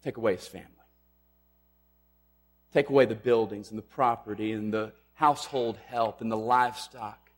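Man preaching, big swings loud to soft, some music behind. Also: lowish voice, normal speed, long pauses. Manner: emphatic, swings between loud and hushed. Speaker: pastor. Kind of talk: sermon.

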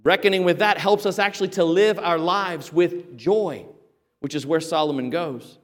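High-pitched guy preaching, punchy exhortations, big echoey church. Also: moderate pace. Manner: emphatic preaching with sudden loud exhortations. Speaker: pastor. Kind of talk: sermon.

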